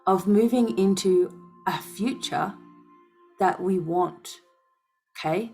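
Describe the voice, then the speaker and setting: A woman with a medium-pitched, darkish voice speaks as a spiritual healer, giving a passionate, emphatic monologue to her followers. She drives her points home with rhetorical questions and a repeated "okay?".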